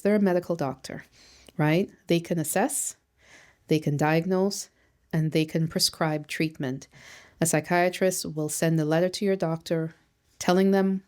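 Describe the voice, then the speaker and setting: A woman therapist and social worker giving an educational talk, emphatic and lively, asking rhetorical questions and acting out quotes. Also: lowish voice. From Canada.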